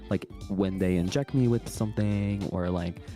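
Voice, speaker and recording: A man's voice: sits low, normal speed, loud music behind the voice. A man guest chatting casually, telling stories in a rambling way with many laughs. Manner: rambling storytelling with frequent laughs and fillers. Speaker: guest co-host. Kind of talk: casual chat.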